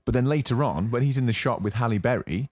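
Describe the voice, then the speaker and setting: A young adult man co-hosting a podcast, casually telling a long story with lots of fillers and animated asides. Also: medium pitch, fast, no echo. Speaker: podcast co-host. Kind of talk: casual chat.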